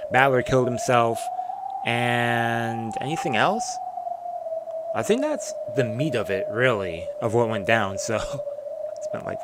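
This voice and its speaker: A man's voice: mid-range voice, heavy background noise. A man streaming live in casual chat, playful, laughing often and tripping over his own words.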